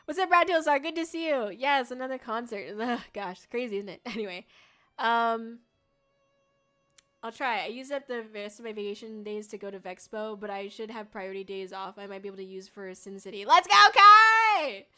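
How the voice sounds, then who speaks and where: A young woman VTuber chats casually with her livestream viewers, bubbly and giggly and using lots of filler words. Her voice is mid-range with fairly even intonation, and she talks a little fast.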